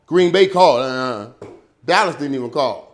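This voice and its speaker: A middle-aged man, a former pro football player, telling stories as an interview guest in casual, animated talk, often repeating words and dropping in "man" and "dog". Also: medium pitch, moderate pace.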